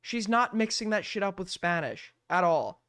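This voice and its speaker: Male streamer, live commentary, swearing and exasperated, smooth voice, dry sound. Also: high voice, big pitch swings, moderate pace, a bit bright, dry recording. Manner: profane, exasperated ranting.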